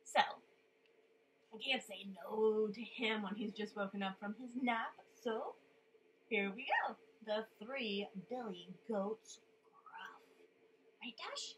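A woman reading a children's story aloud to a small child, playful and animated, often asking the listeners to join in. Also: mid-range voice, takes it slowly, a little hiss or hum, rough recording.

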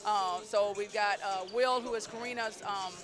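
A woman's voice: medium pitch, fairly even intonation, moderate pace, music in the background. A middle-aged woman, a basketball coach, talking effusively and proudly in a postgame interview, often repeating herself. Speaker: women's basketball head coach.

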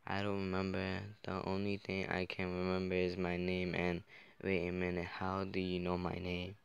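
A man's voice: low voice, completely flat delivery, normal speed, creaky, smooth, no echo, highs cut off. A man reading a lost young pop idol girl. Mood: confused. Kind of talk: reading game dialogue aloud.

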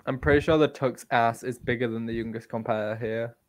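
A man with a Northern English accent, co-hosting a casual podcast chat and ranting with animated, sweary mock outrage. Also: mid-range voice, brisk. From England. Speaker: podcast co-host.

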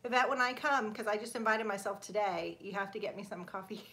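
A woman's voice: mid-range voice, fast talker, bright, forceful tone, a little hiss or hum. A woman in her thirties hosting a casual livestream, chatting with viewers, reading their comments aloud and laughing often. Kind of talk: casual live chat.

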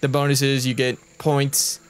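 A man's voice: medium pitch, completely flat delivery, measured pace, clear, resonant tone. A man giving casual, joking commentary while playing a video game, rambling and profane. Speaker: let's play commentator.

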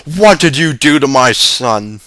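A man reading a story and voicing a mother who accuses her husband in a shrill, bitter voice. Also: expressive, a little slow, pushed and bright, no echo. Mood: bitter accusing. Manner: shrill, accusing, then tender. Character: hysterical, bitter working-class mother.

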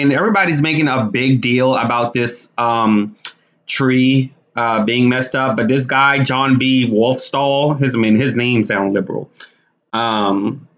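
Slangy animated man ranting casually. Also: medium pitch. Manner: animated, slangy, frequent fillers and restarts. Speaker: commentary vlogger. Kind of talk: casual commentary.

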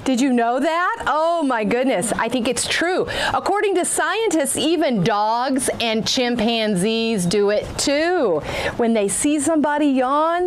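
A woman pastor giving a playful, animated message to children at a camp. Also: high voice, a little slow, a little hiss or hum. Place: outdoors in the shade.

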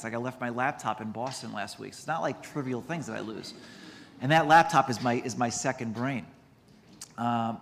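A man's voice: mid-range voice, in a large hall, a little hiss or hum. A man, a doctor, giving a conference lecture in a chatty, self-deprecating way, mixing medical points with stories.

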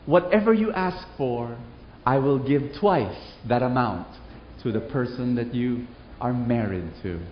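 A man voicing an obliging male love genie from a lamp, speaking slowly and formally in a story told during a sermon. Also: mid-range voice, expressive, a little hiss or hum, voice pushed down, close to an everyday voice. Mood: solemn. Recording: roomy, dull hall recording.

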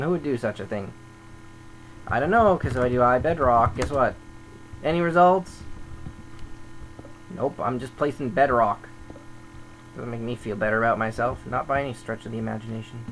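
Guy chatting over gameplay, grumbly and thinking out loud, average pitch, faint hum behind. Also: low-quality recording. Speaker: server admin. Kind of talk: casual gameplay commentary.

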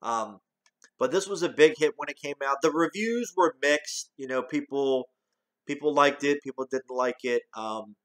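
A man's voice: mid-range voice, normal speed. A man giving a casual, rambling movie review, talking loosely, restarting often and swearing now and then.

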